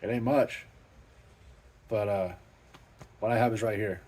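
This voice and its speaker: Speaking a little slowly in a fairly low, darkish voice with fairly even intonation, a middle-aged man runs a casual garage vlog at home. He's a car channel host who curses without restraint and comes across as profane, plain-spoken, and self-deprecating.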